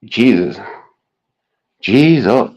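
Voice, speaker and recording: A man's voice: mid-range voice, lively intonation, very slow, highs cut off. A man streaming live and chatting casually with his viewers, stumbling over his words and trading sarcastic jabs with chatters.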